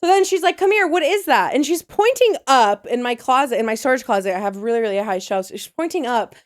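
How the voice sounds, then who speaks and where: A young adult woman co-hosting a podcast, telling stories in a profane, animated casual chat. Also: fairly high pitch, fast. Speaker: podcast co-host.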